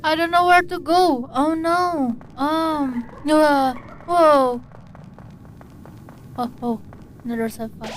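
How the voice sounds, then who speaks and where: High-voiced, jumpy woman gaming. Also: slow pace, pauses often, slight background noise. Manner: jumpy, giggly, easily startled. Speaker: streamer. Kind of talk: casual gameplay commentary.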